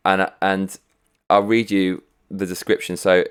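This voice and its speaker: A man vents to camera in a loose, profane rant, full of sarcasm and chuckles. His voice sits on the lower side. He records from his own home studio. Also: flat delivery, unhurried, clean tone. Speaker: vlogger host.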